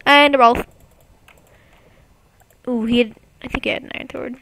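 A woman giving excitable, taunting commentary on her own game to viewers, recorded on a computer mic at home. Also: on the high side, moderate pace, gravelly, slight background noise. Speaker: gameplay commentator.

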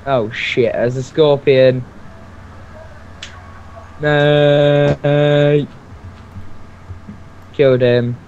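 A young man co-hosting a let's play, excitable and quick to swear. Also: fairly high pitch. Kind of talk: casual gaming chat. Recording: slightly dull lo-fi mic with faint noise.

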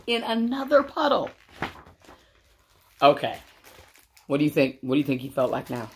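A woman's voice: low-pitched, big pitch swings, moderate pace, pauses often. Playful woman reading a picture book. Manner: playful, laughing, chatty asides to kids. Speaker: storybook reader for children.

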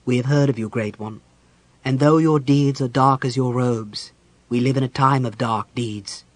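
A man's voice: mid-range voice, fairly even intonation, moderate pace, dry recording, lightly acted. A man reading an audiobook voicing a courteous, earnest young nobleman who speaks formally. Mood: respectful. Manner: formal, respectful.

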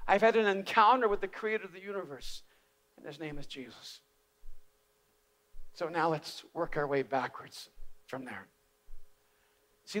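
A man preaching a sermon as an animated, humorous storyteller. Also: high-pitched. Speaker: speaker. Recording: reverberant live hall.

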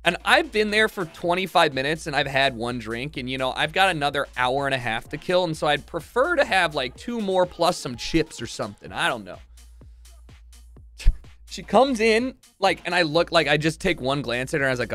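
A man streamer telling a long story casually, swearing often and acting out what people said with big jumps in pitch. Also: moderate pace, soft background music. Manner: animated, profane, acts out quotes with big pitch jumps.

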